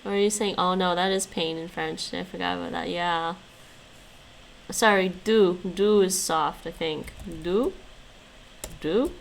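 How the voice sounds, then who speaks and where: A woman's voice: on the low side, unhurried, vocal fry, slight background noise, rough recording. A woman streaming her language practice, repeating words after an app and chatting casually with viewers, often laughing. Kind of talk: casual chat while practising vocabulary.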